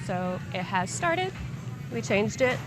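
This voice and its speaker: Midwestern woman chatting up a flower sale in a grocery store, music going loud in the background. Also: medium pitch, sing-song, slow. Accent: Midwestern American. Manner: cheerful, promotional. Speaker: floral manager guest. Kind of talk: casual interview. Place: grocery store floral department.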